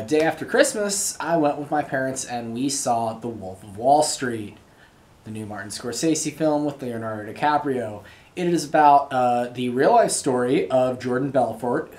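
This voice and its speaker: A man's voice: medium pitch, darkish tone. A young man hosting his own show, rambling through a casual monologue full of fillers. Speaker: show host. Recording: roomy echo, faint ambience.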